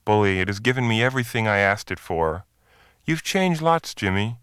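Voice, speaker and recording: A man's voice: lowish voice, lively intonation, moderate pace, fairly bright tone, smooth, dry recording, studio quality. A man reading the part of a boastful, self-assured middle-aged drifter from the West, in a hearty storytelling manner.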